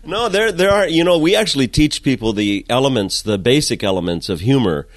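Lively man telling stories. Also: mid-range voice, a little fast. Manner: animated storyteller, swinging from loud to hushed. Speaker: guest, comedic storyteller. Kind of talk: casual interview chat.

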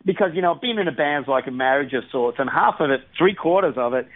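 A man's voice: on the high side, lively intonation, quick pace. An Australian man talking as a band drummer in a casual interview, rambling and chatty, laughing easily. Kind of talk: casual interview over the phone. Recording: tinny phone line.

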